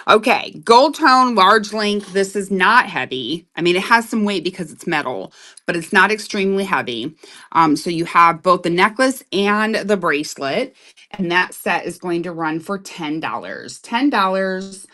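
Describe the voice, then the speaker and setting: A woman selling jewelry on a live stream in loud, excitable, chatty talk that keeps breaking into laughs. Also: fairly low pitch, a little slow. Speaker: live online jewelry seller. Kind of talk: casual live-sale chat.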